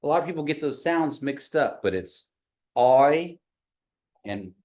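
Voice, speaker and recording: A man's voice: a little high, animated, fairly quick, darkish tone. A man teaching a language class in a classroom, patiently modeling sounds and having the learners repeat them. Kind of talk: classroom pronunciation lesson.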